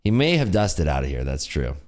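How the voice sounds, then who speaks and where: A man's voice: rumbling low, sing-song, brisk, darkish tone. A young man hosting a casual trading livestream, reading chat aloud and joking around with a laugh. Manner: jokey, reads chat aloud, laughs often. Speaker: livestream host.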